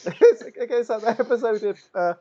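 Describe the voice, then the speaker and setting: A man's voice: extremely high pitch, mellow, muffled recording. A man running a tabletop game in a put-on Cockney accent, chatty and full of slang. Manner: chatty, laughing, slang-heavy. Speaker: game facilitator.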